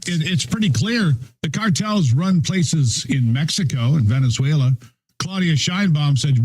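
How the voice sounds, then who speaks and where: A man's voice: medium pitch, a little mellow, rough recording. Emphatic man giving political commentary. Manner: emphatic, declarative. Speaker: commentator in a played clip.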